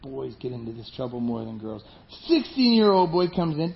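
A man preaching a sermon, animated, acting out the voices of people in his stories. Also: medium pitch, moderate pace, creaky, hardly any pauses, lo-fi sound. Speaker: pastor.

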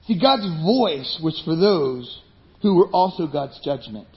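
Animated high-voiced male preacher. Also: takes it slowly, muffled recording. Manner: animated, acts out voices of people in stories. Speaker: pastor. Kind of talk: sermon.

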